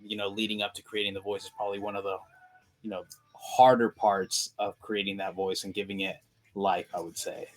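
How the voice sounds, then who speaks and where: Man, live stream host, low voice, relaxed interviewer. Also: brisk, low-quality recording.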